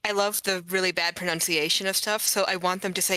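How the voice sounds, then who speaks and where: A woman's voice: lowish voice, fairly even intonation, fast, bright, forceful tone, clear, resonant tone, low-quality recording. A woman chatting playfully on a watch-along voice call, giggling and joking. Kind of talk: casual watch-along chat. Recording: voice chat call.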